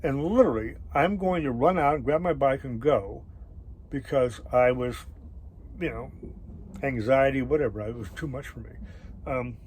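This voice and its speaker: A middle-aged man casually telling a travel story, rambling and halting with many fillers and restarts. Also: medium pitch, darkish tone, a little hiss or hum, rough recording. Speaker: travel vlogger.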